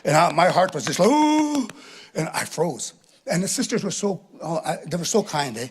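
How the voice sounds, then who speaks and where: A middle-aged man from Canada telling a stand-up comedy story on a theatre stage, animated, chuckling as he acts out voices. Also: fairly high pitch, brisk, slight background noise. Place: theatre stage with live audience.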